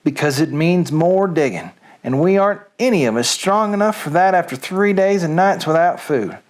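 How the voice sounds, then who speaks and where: A man with a Southern US accent voicing a tired father fox who talks to his family gently and steadily. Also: a little high, expressive, normal speed, lightly acted. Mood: weary. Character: weary father fox, tender and resolute.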